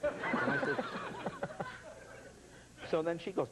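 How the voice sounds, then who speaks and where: A man telling a comic story as a talk show guest, animated and laughing, with lots of voices and sound effects. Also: high voice, fast. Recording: noisy television studio audio.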